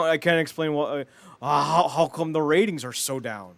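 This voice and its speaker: A man's voice: on the high side, moderate pace, a bit bright, no room sound. A man co-hosting a wrestling podcast, talking eagerly in casual chat and packing his speech with fillers. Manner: eager, filler-heavy talk with quoted asides. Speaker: podcast co-host.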